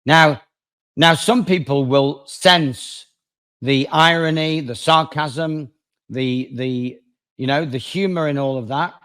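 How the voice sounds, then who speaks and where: A man, a lawyer appearing as a guest, telling a story in conversation with dramatic swings between loud and quiet. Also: fairly high pitch, slow, clear, resonant tone. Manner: animated, dramatic swings in loudness.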